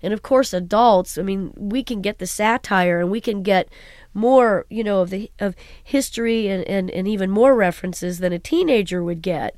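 A voice actress being interviewed, telling stories in an animated way and laughing often. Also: female voice, mid-range voice, normal speed, no echo, studio quality. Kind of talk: casual interview talk.

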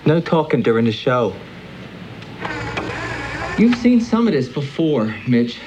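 An actor with a Baltimore accent playing a menacing male blackmailer and pornographer in a flat, taunting drawl, heard from a dull film soundtrack with background noise. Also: mid-range voice, takes it slowly, voice pushed up.

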